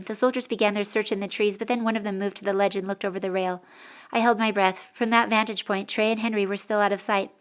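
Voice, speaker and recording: Woman reading a first-person story audiobook, steady clear voice. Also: mid-range voice. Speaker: audiobook narrator.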